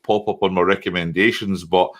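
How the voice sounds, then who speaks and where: A Scottish man guesting on a live stream, chatting in an animated way and often checking in with his listeners. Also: sits low, fairly quick. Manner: chatty, animated, keeps saying "you know what I mean". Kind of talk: casual chat.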